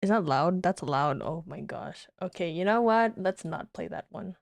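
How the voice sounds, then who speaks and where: A woman's voice: lowish voice, animated, normal speed, gravelly, dry recording, faint music behind. A young woman streaming casually, giggly and tender, who swears offhandedly. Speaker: VTuber streamer.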